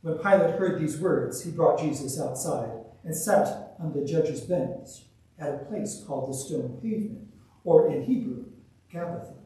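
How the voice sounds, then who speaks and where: A man giving a measured, solemn liturgical scripture reading as the church's reader. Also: on the high side, animated, warm tone. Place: church sanctuary. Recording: echoey church, distant mic.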